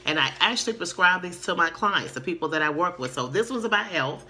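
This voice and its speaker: A woman, earnest and unhurried, teaching affirmations to the camera in a low voice. Her tone is bright and forward, and a faint hum sits under the recording. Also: animated. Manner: earnest, reads affirmations slowly and deliberately. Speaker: sex therapist and spa owner. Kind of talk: casual spiritual teaching to camera.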